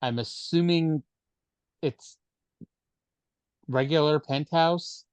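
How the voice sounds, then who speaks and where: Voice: medium pitch, lively intonation, measured pace, no echo. A podcast co-host in casual chat, speaking dryly and hesitantly with many fillers. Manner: dry, hesitant, lots of fillers.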